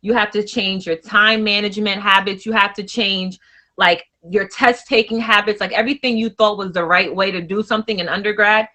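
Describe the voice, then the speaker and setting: Bright-voiced playful young woman guest. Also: medium pitch, fairly even intonation. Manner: playful, easygoing, quick to laugh along. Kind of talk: casual interview chat.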